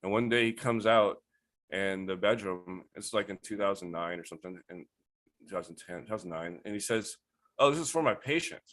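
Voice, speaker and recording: Profane, animated male storyteller. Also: low voice, a little fast. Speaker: guest grower. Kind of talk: casual storytelling.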